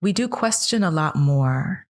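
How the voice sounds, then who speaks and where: A woman's voice: deep voice, expressive, unhurried. A woman in her thirties talking casually as a podcast co-host, earnest and questioning, building up as she makes her point. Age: 30s. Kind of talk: casual chat.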